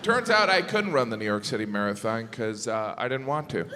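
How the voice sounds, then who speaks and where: Male stand-up comic, lively pitch, acts out every voice in his stories, live in a big reverberant theater. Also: fairly quick. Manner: animated storytelling, acting out both sides of conversations. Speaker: stand-up comedian. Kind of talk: stand-up comedy set. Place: large theater stage. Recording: live theater with long reverb and audience noise.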